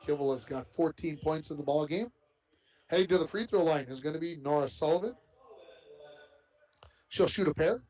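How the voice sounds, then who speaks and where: A man's voice: on the high side, darkish tone. Folksy man calling a girls' basketball game. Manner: folksy, chatty asides between plays. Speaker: play-by-play announcer. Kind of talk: live sports commentary. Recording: dull lo-fi broadcast audio with faint noise.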